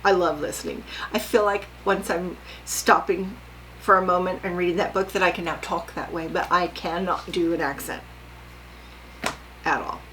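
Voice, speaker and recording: A woman's voice: on the low side, fairly even intonation, moderate pace, a bit bright, slight background noise, low-quality recording. An older woman vlogging casually about her sewing, chatty and rambling, often asking her viewers questions.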